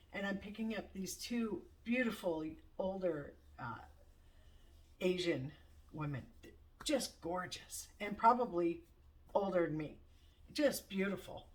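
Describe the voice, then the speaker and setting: A woman casually telling a rideshare story to camera in a blunt, chatty, sometimes profane way, laughing between points. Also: lowish voice. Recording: voice a little far from the mic.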